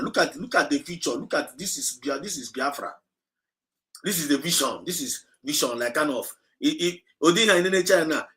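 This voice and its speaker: A man's voice: a little high, bright, forceful tone. A man with a Nigerian Igbo accent preaching an exhorting livestream message, repeating his points and slipping between English and Igbo. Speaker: movement speaker.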